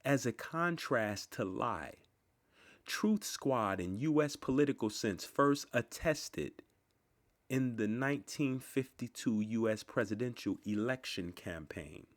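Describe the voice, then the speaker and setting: A man reading dictionary entries aloud in a slow, deliberate, word-by-word recitation. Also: medium pitch, expressive. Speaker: channel host.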